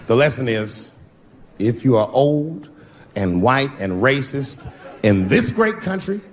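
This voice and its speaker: A middle-aged man performing a loose, swaggering stand-up set, jumping to sudden high exclamations. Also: very animated, takes it slowly. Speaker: stand-up comedian. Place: large theater with audience. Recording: live crowd laughter, stage noise.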